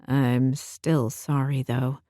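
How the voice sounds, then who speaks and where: A woman voicing a gentle young man who speaks softly and teasingly, in an audiobook. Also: dry recording, studio quality. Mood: tender. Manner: soft, low and slow, teasing. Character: young man, gentle tender vampire-like boyfriend.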